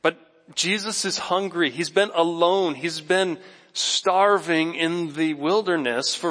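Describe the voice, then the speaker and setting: A man preaches to his congregation in a lively, conversational way. His voice sits a little high for a man and carries a long reverb through a large church hall. At times he turns and speaks straight to people in the pews. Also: slow. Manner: conversational, animated preaching that talks directly to the congregation. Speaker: pastor. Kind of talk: sermon. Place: church sanctuary.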